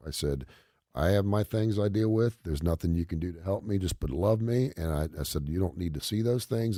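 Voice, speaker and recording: A middle-aged man hosting a radio talk show, telling family anecdotes in a casual, animated way and laughing often. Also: low voice, no room sound, studio quality. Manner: animated anecdote teller, quotes his kids, laughs often. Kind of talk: casual radio chat, storytelling.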